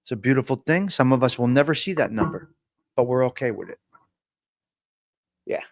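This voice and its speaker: A man's voice: medium pitch, lively intonation, normal speed, dry recording, studio quality. A man with a New Jersey accent hosting a casual live-stream chat, brash and profane, joking and talking back to the chat.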